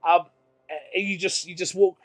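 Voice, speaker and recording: Man, game master, high voice, halting narration, dry close mic. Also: fairly even intonation, no room sound. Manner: laughs often, halting with fillers. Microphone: own microphone.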